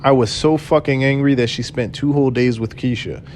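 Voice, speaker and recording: A channel host with a mid-range, fairly even and slightly mellow voice briskly and earnestly retells a personal story, reading his own messages aloud. A little hiss or hum sits under the recording.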